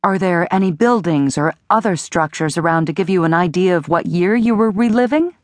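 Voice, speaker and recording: A woman narrator voicing a prim, measured middle-aged woman who guides a past-life regression in an audiobook. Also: fairly low pitch, darkish tone, dry recording, lightly acted. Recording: dry studio audiobook recording.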